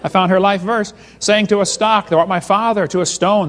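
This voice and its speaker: A man's voice: high voice, moderate pace, few pauses. A man giving a humorous creation seminar lecture, telling folksy stories and cracking wise jokes to a live audience. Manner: folksy, wisecracking storyteller. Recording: long hall reverb.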